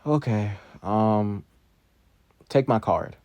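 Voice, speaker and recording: A man voicing a calm adult paramedic who reasons patiently and firmly. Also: on the low side, unhurried, dry recording.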